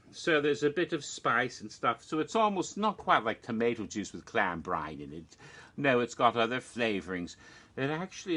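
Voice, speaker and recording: A man's voice: mid-range voice, sharp tone. A man hosting a casual cocktail-making show, rambling through asides and punning, chuckling at his own jokes with mock alarm.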